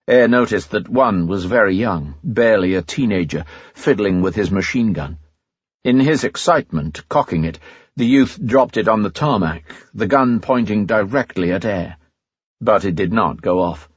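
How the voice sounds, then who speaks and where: Man, audiobook narration, low pitch, husky, dry, dull audio. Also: no echo. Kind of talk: scripted narration.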